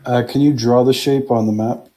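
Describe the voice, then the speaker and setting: A man's voice: mid-range voice, fairly even intonation, normal speed, mellow. A man playing a tabletop game, talking in a casual, blunt way with fillers. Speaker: player.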